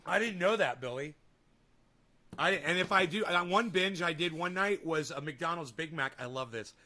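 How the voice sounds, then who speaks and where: A man's voice: on the high side, lively intonation, normal speed, bright, forceful tone. A man hosting a livestream, reading chat comments and answering them in a profane, combative, rambling way. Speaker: livestream host.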